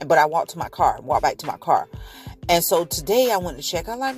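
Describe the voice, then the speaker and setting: A woman's voice: sits low, sing-song, a little fast, soft background music. A woman in her fifties sharing a faith testimony in a casual vlog, earnest and emotional, often repeating herself.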